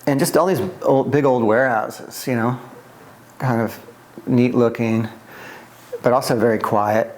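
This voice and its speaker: A man's voice: medium pitch, steady tone, measured pace, pauses often, a little mellow. A middle-aged man from the US East Coast, recalling his past in an oral history interview, with many fillers and restarts.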